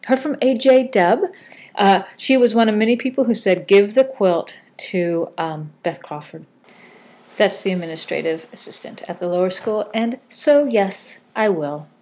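A woman's voice: mid-range voice, normal speed, dark tone. A woman hosting a casual podcast, chatting and reading out listener comments with frequent fillers and self-corrections. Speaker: podcast host.

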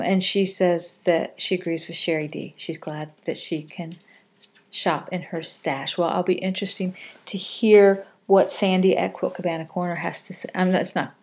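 Chatty woman podcaster, lowish voice. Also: a little mellow. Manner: chatty, rambling, with frequent fillers and self-corrections. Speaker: podcast host. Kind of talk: casual podcast chat reading listener comments.

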